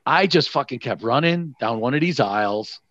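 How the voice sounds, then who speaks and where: A middle-aged guest storyteller recounts a story casually and animatedly, acting out his friends' voices complete with swearing. His medium-pitched voice moves at normal speed, and the recording is dry with the highs cut off.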